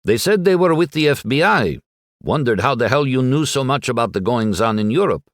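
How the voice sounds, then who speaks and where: A man's voice: medium pitch, animated, brisk, no echo, clean studio sound, pitched above the performer's own voice, close to an everyday voice. A man voicing a worried restaurant boss with a Croatian accent, speaking in an urgent, warning tone.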